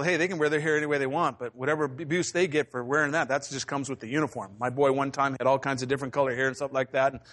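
A middle-aged male pastor with a high voice delivers a sermon in a relaxed, storytelling way. He often breaks into the voices of people from his anecdotes. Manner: conversational storytelling preacher, acting out quotes.

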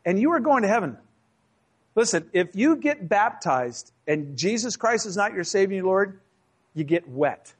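A man's voice: sits high, very animated, moderate pace, husky. A man, a pastor, preaching a sermon in a church, in a conversational, joking way with acted asides. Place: church sanctuary.

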